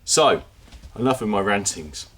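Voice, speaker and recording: A man's voice: fairly low pitch, expressive, unhurried, a bit bright, slight background noise. A man giving a conversational conference presentation to an audience, with fillers and repeated words. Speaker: conference speaker. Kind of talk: presentation talk.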